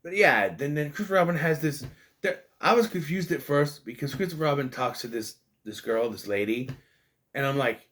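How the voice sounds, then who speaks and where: A man's voice: a little high, animated, normal speed, fairly bright tone. A man giving a casual spoken movie review, ranting in an exasperated way, swearing and rambling with restarts and stammers.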